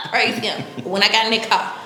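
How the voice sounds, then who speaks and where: Being interviewed, a woman with a mid-range voice tells her story at a moderate pace with animated, casual energy. She performs other people's quotes and laughs a lot, and the audio is reverberant.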